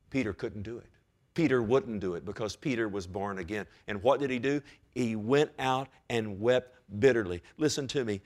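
A man's voice: fairly low pitch, moderate pace. Impassioned male preacher. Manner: impassioned, swings from hushed to loud exclamation. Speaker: pastor. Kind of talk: sermon.

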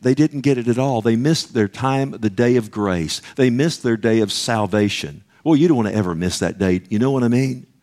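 A male pastor delivers a sermon in an impassioned voice. He calls out to his listeners and drops into a slow, emphatic reading whenever he quotes scripture. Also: on the low side, a little mellow. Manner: impassioned preaching, calls to the congregation; reads scripture slowly and emphatically.

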